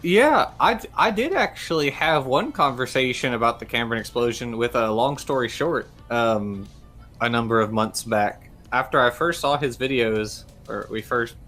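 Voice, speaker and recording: A man speaking as a guest on a livestream, measured and explanatory. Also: mid-range voice, animated, fairly bright tone. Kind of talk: casual discussion.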